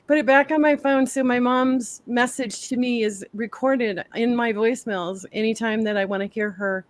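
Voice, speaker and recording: A woman's voice: fairly high pitch, fairly even intonation, normal speed, no echo. Chatty woman telling a story. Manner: chatty storytelling with many fillers. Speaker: guest tarot reader and medium. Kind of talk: casual chat.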